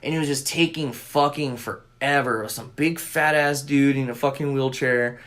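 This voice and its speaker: A young man co-hosting a podcast tells an extended story in casual banter, with medium pitch and a moderate pace. He curses frequently and vividly acts out other people's lines.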